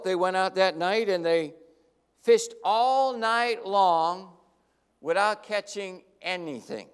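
A high-pitched male pastor delivering a sermon with lively, dramatic storytelling. He acts out the characters' lines in changing voices. His voice rings with a long reverb, as in a large church sanctuary. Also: clear, resonant tone.

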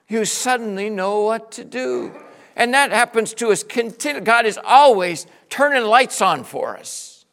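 Pastor, male, high and gravelly, dynamic sermon delivery with hushed and shouted passages. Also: measured pace. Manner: animated preaching with wide swings from hushed to shouting; acts out listeners' voices in quotes.

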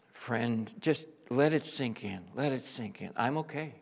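A man preaching a sermon as pastor, swinging between hushed lines and loud shouted bursts, acting out his listeners in quotes. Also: mid-range voice, a little slow, vocal fry, hardly any pauses. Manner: acts out listeners' voices in quotes.

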